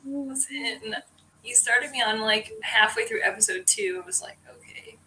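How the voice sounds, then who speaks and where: A woman's voice: on the high side, steady tone, normal speed, pushed and bright, slight background noise, rough recording. A woman co-hosting a book club video call, giggly and prone to dropping into whispers. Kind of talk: casual chat on a group video call.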